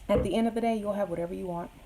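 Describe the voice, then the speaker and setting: A woman's voice: medium pitch, fairly even intonation, racing, warm tone, slight background noise, rough recording. A woman casually giving blunt, sassy dating advice to viewers, with joking asides. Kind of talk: casual advice chat answering viewer questions.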